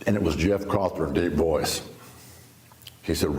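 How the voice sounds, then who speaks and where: Older man in his seventies, very low gravelly voice, folksy storyteller, roomy interview room. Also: moderate pace, darkish tone. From Texas. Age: 70s. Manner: folksy storyteller, laughs, restarts, acts out quotes. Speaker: interview guest. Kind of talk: personal testimony in a sit-down interview.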